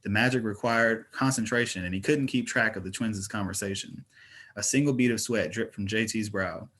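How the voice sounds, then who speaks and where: Brief: male narrator, fantasy audiobook, steady even read. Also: on the low side. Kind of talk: audiobook reading of fantasy fiction.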